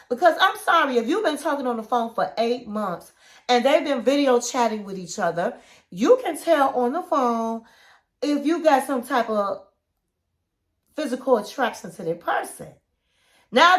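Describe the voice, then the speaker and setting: A woman's voice: a little high, a bit bright. A woman vlogger giving a chatty, opinionated recap of a reality show and asking her viewers for their views. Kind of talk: casual chat to camera.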